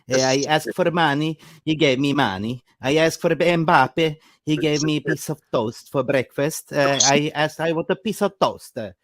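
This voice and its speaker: A man's voice: a little high, normal speed, hardly any pauses, no echo, close to an everyday voice. A man doing a hot-tempered mock-Italian manager. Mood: indignant ranting. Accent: put-on Italian.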